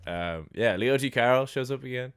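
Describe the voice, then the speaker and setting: A man's voice: medium pitch, normal speed, clean tone. A man co-hosting a film podcast, chatting casually and sarcastically, acting out characters' lines and laughing often. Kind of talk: casual film review chat.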